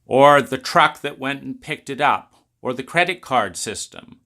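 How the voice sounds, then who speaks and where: A man giving an unhurried philosophical talk, making his points with drawn-out emphasis and pointed rhetorical questions. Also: medium pitch, animated, sharp tone.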